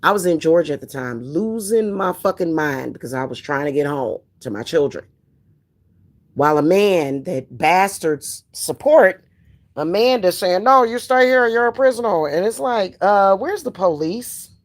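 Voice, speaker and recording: An older woman, ranting in a profane, animated, emphatic monologue as a spiritual practitioner. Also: on the low side, unhurried.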